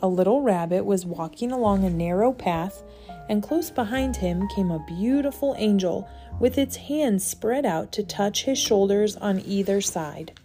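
A woman narrating a children's audiobook in a gentle, measured storytelling manner. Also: medium pitch, lively intonation, faint music behind. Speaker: audiobook reader.

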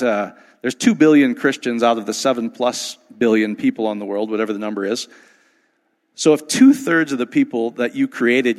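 A man's voice: mid-range voice, long reverb tail. A man hosting an online teaching, talking in a folksy, rambling way with frequent restarts. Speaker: preacher and podcast host. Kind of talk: casual spoken teaching.

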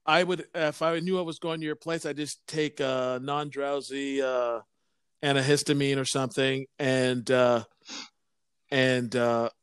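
A man's voice: mid-range voice, flat delivery, measured pace, smooth, no echo, studio quality. A man co-hosting a podcast in casual chat, rambling with many fillers and hesitations. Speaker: podcast co-host.

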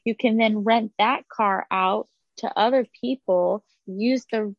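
A woman co-host chats casually and cracks jokes with her partner. Her voice is mid-pitched and close to the mic. The sound is dry and a little dull. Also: slow, few pauses, dry recording. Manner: joking, playful banter. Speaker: podcast co-host. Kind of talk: casual chat.

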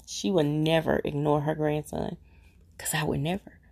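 A middle-aged woman tells a personal story in a casual, chatty way, with plenty of gravelly fry in her voice. She slips into the voices of her family as she goes and circles back on lines for emphasis. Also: sits low, normal speed. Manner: animated, acts out the voices of family members; chatty, repeats herself for emphasis. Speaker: vlogger telling a personal story.

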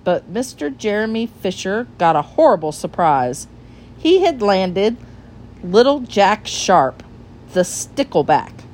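A woman reading a children's storybook aloud in a gentle, unhurried storytelling manner. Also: medium pitch, big pitch swings.

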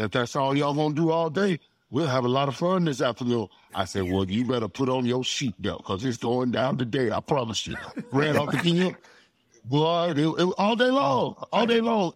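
Casual: middle-aged guy from florida telling stories loud and lively, acts out the back-and-forth, laughs a lot, dry close sound. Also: medium pitch, no echo. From Florida, USA. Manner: animated, acts out dialogue, laughs often. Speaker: interview guest, retired football player. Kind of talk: casual storytelling.

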